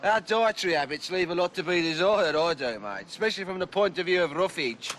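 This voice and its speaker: Preachy health-food builder, high lively bright voice, faint background hiss. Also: male voice, a little fast. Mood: earnest lecturing. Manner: earnest, lecturing. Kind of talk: television comedy drama.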